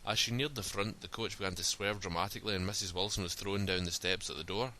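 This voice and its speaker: A man reads a story aloud in a steady, plain style. His voice sits fairly low but comes across forceful and sharp-edged. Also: fast talker, slight background noise. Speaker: narrator. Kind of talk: storybook reading.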